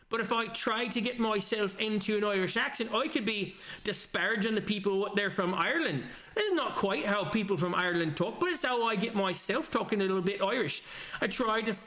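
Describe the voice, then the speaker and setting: A man's voice: high voice, bright, forceful tone. A man hosting a casual stream, reading comments aloud and rambling with many restarts and self-corrections. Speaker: host reading live chat comments. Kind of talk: casual livestream chat.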